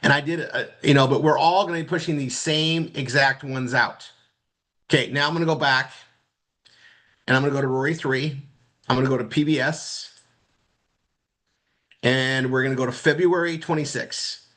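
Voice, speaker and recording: A man's voice: medium pitch, steady tone, fairly bright tone. Guy walking folks thru his screen, rambly, stumbles and repeats words, medium voice. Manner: rambling, halting, repeats words while clicking around. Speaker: marketing instructor. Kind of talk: casual screen-share walkthrough.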